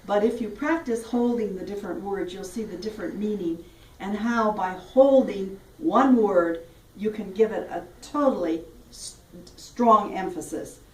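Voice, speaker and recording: A woman's voice: mid-range voice, measured pace, darkish tone. A woman coaching speech students, friendly and demonstrative as she leads tongue twisters and emphasis drills. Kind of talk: instructional talk. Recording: roomy sound from a distant mic.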